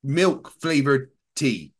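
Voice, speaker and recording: A man's voice: medium pitch, expressive, takes it slowly, breathy edge. A man co-hosting a casual livestream aftershow, telling rambling anecdotes full of fillers. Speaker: show co-host.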